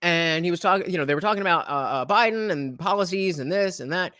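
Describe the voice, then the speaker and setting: A man's voice: high voice, fast talker, bright, forceful tone, no room sound, clean studio sound. A man hosting a livestream reaction, talking in a rambling casual way with many fillers and restarts.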